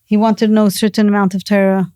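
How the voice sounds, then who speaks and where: A woman's voice: medium pitch, flat delivery, fast talker, dark tone, clear, resonant tone, no room sound. A middle-aged woman talking earnestly in a casual conversation, telling stories and mixing in Hebrew and Yiddish words. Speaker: guest, mother of the host.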